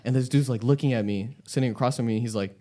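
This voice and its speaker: A man's voice: medium pitch, fast talker, warm tone. A young man telling a casual, rambling story on a podcast, swearing a lot and laughing often. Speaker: podcast host.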